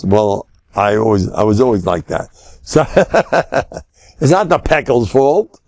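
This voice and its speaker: An older American man, a rabbi, giving a lively Torah lecture on faith, storytelling with sudden high exclamations and Yiddish and Hebrew words mixed in. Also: unhurried, pauses often, no room sound.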